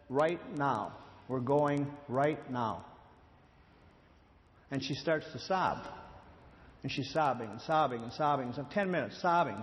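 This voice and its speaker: A man giving a conversational sermon, telling a story about an intervention and acting out the quotes. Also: fairly high pitch. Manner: conversational, repeats words, acts out quotes. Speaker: speaker on addiction and grace. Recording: long hall reverb.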